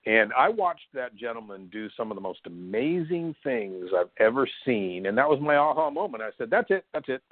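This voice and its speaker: With medium pitch and lively intonation, this middle-aged hypnosis trainer from San Diego, California, talks at normal speed with hardly any pauses. As an interview guest he shares stories chattily, laughs occasionally, and fills his speech with fillers; the recording is dry, narrow, and tinny.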